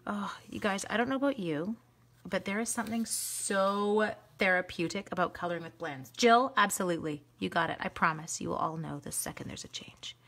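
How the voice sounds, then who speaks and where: A woman hosting a live craft stream, chatting to viewers as she colors, quick to gush and laugh. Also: mid-range voice. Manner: chatty, excitable, talks to viewers while coloring.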